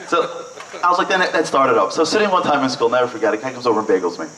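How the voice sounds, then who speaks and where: A man from Brooklyn, telling lively, joking stories to an audience with lots of "like"s. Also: medium pitch, very fast. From Brooklyn, New York. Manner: lively, joking, chatty with many "like"s. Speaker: event speaker. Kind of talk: storytelling speech to an audience. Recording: echoey hall, mic at a distance.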